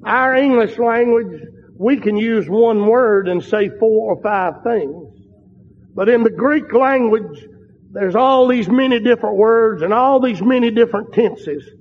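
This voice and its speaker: A man preaching a sermon, slow and emphatic, repeating phrases for stress. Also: sits high. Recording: dull recording in a reverberant hall.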